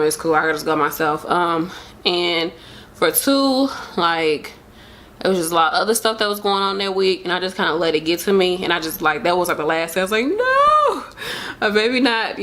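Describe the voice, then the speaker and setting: Chatty young woman with a lowish voice. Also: a bit bright. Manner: rambling and chatty, full of fillers; open and emotional. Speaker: vlogger sharing a pregnancy update. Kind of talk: casual chat to camera.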